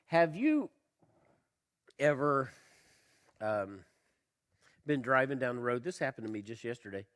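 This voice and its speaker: A male pastor preaching a sermon, asking the congregation questions and swinging between loud emphasis and quiet low lines, with a slight cough. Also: very animated, a little slow. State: slight cough, tickle in throat. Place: church.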